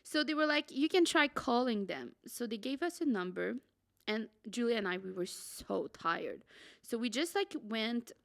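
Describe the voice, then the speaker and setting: Young woman podcaster, excitable, kinda high voice, says like constantly. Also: normal speed, creaky. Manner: dramatic and excitable, says "like" a lot. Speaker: podcast co-host. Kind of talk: casual storytelling.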